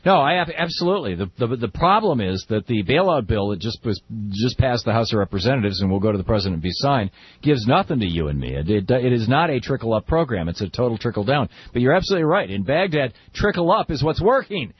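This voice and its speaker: A man hosting a political call-in radio show, opinionated and quick, often restarting his sentences. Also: mid-range voice, very animated, husky, no room sound, highs cut off. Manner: opinionated, fast with frequent restarts. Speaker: radio talk show host.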